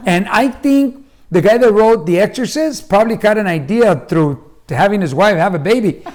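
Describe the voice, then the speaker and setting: Animated middle-aged man telling a story. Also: high-pitched, brisk. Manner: animated storyteller who acts out quoted lines with bursts of loudness. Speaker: host, husband and father. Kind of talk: casual storytelling chat.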